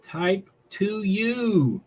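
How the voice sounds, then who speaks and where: A man's voice: high voice, animated, drawn-out words, darkish tone, poor audio. A man from New England chatting casually on a livestream, rambling and laughing as he follows a race. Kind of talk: casual live commentary while watching a race.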